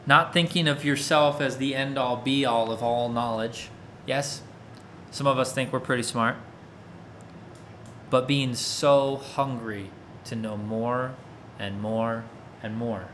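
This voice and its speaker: A man's voice: medium pitch, fairly even intonation, slow, a bit bright, slight background noise. A man preaching a sermon in a casual, conversational way, often checking that his listeners follow along. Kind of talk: interactive sermon.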